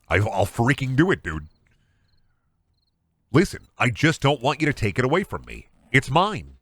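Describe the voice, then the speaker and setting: A man's voice: medium pitch, wildly swooping pitch, a little slow, fairly bright tone, no room sound. A man streaming a game, chatting casually and ranting in a joking way with a lot of swearing. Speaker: gaming streamer. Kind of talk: casual live-stream chat.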